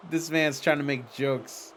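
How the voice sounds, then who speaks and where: A man's voice: fairly high pitch, fairly even intonation, unhurried, a bit bright, a little hiss or hum. A man with young children, hosting a casual livestream from a home green-screen setup, chatting with viewers, reading their messages aloud, swearing and laughing easily. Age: adult with young children. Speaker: streamer hosting a simulated wrestling league.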